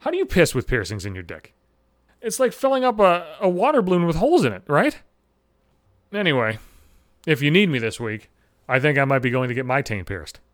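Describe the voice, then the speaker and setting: A man rants through a comic story, swearing constantly, stumbling and repeating himself. His voice sits a bit high and swings up and down a lot. The recording is dry and close, with no room sound. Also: a little fast, long pauses, no room sound. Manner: rambling, profane, animated. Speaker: vlogger. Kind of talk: profane comic rant.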